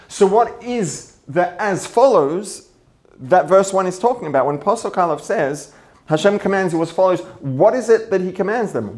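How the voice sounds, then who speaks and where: Man, fairly high voice, rabbi teaching, rephrases as he goes, rhetorical questions. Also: a little mellow. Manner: repeats and rephrases points, thinks aloud. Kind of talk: explaining a text to an audience.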